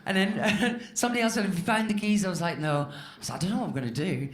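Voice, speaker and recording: A woman's voice: medium pitch, quick pace. Sweary woman in her fifties doing stand-up. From Scotland. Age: 50s. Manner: swears freely, acts out quoted voices. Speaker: stand-up comedian. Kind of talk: live stand-up routine. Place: comedy club stage with live audience. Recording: roomy live club sound.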